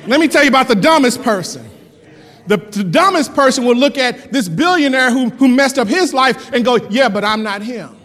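A male pastor preaching a lively sermon, repeating lines for emphasis and laughing often. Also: extremely high pitch, moderate pace. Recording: long hall reverb.

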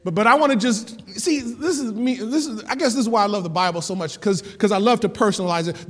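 High-voiced preacher man in a reverberant hall. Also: fast talker, few pauses. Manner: animated, preacherly, repeats for emphasis, laughs often. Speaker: pastor. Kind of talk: sermon.

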